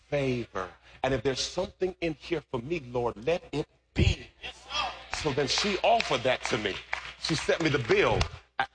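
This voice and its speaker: A man pastor preaching a sermon, telling a story and then rising into shouted preaching. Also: medium pitch, slightly rough.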